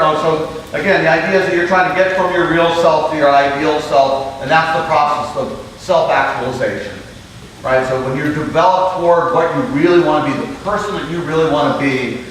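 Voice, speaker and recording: A man's voice: fairly high pitch, fairly bright tone, a little hiss or hum. A male university lecturer giving a conversational classroom lecture, checking in with "right?" and acting out examples. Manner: conversational, frequent "right?" checks, acts out quoted patients. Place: large lecture hall. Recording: echoey lecture hall, mic far off.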